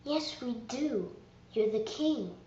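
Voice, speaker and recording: An earnest young lioness, voiced by a woman, high-pitched and unhurried, pleading and heartfelt. The recording is roomy and echoey, with dull, lo-fi sound and faint background noise. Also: animated, mellow. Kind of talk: fan voice audition.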